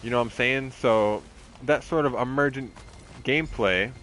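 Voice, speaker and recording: A man's voice: mid-range voice, moderate pace, fairly bright tone, slight background noise. A man streaming a game, chatting in a rambling, profane way with lots of fillers. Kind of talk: casual chat while streaming a game.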